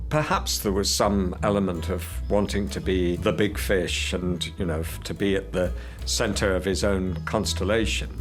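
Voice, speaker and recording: A man speaking thoughtfully about a colleague. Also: lowish voice. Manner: slow, thoughtful.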